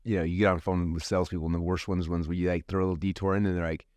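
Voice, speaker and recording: A man's voice: low-pitched, flat delivery, racing, a little mellow. A man hosting a casual interview, chatting and laughing along with his guest. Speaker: podcast host.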